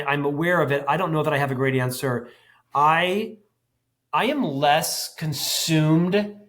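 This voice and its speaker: Intense animated man in his fifties. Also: fairly high pitch. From United States. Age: 50s. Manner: intense, animated, self-deprecating. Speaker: guest. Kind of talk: podcast interview.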